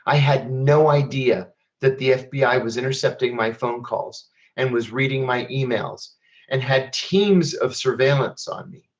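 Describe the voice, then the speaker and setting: A middle-aged man giving a speech, telling his story in a measured, deliberate way with wry asides. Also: medium pitch, lo-fi sound. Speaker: speaker at a public event.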